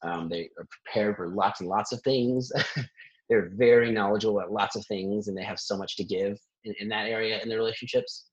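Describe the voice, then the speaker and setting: A man working as a therapist, talking in a lively conversational interview and laughing often between thoughts. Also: fairly low pitch, a little fast, slightly rough, highs cut off.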